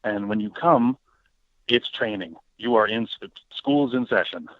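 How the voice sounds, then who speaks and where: Animated male guest with a lowish voice, calling in on a dry phone line. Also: measured pace, no room sound. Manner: animated, acts out quoted voices. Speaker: guest, paranormal educator. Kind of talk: casual interview talk.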